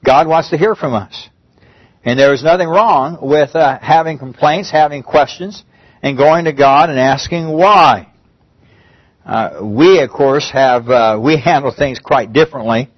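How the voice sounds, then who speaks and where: This pastor's husky voice is on the high side and a little slow. Preaching conversationally, he restarts phrases and raises his voice on emphatic pleas. The audio sounds dull and muffled, with no echo.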